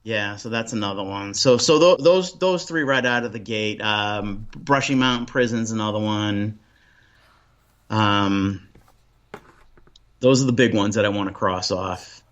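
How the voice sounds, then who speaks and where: A man's voice: on the low side, measured pace, a bit bright. Boston man, casual rambling chat, frequent ums, muffled recording. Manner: rambling, many restarts and ums. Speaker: paranormal investigator guest.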